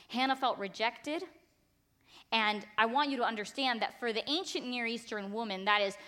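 A woman's voice: a little high, sharp tone. A woman preacher giving a passionate sermon, emphatic and fond of repetition.

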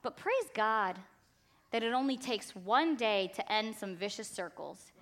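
A woman's voice: on the high side, animated, a little slow, fairly bright tone. A woman preacher giving a passionate sermon, emphatic and fond of repetition.

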